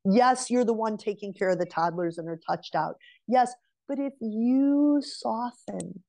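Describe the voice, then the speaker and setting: A creaky, darkish voice on the high side comes from a woman in her forties who speaks at a measured pace. Interviewed as a relationship mentor, she shares a personal story in a casual way and offers earnest guidance directly to women listeners.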